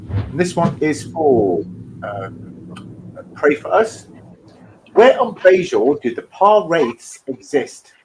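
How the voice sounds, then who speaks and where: A man with a slightly higher voice hosts a relaxed online quiz. He explains the rules and reads each question aloud, throwing in light jokes between them. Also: slow pace, long pauses, slight background noise, rough recording. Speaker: quiz host. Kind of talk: hosting a casual online quiz.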